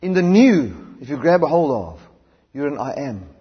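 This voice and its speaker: A man preaching a sermon, switching between loud emphatic declarations and quiet low asides. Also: sing-song, normal speed, slightly rough. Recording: dull sound with long hall reverb.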